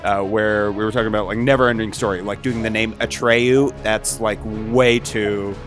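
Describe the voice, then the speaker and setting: A man's voice: on the low side, steady tone, normal speed, music in the background. A man leading a script read-through in casual chat, rambling and cutting himself off. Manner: rambling, self-interrupting.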